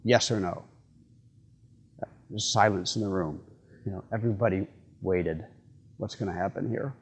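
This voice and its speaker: Folksy priest telling a story. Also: male voice, deep voice, moderate pace, breathy edge. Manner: relaxed, folksy storytelling with frequent fillers. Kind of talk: homily with storytelling. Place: church sanctuary.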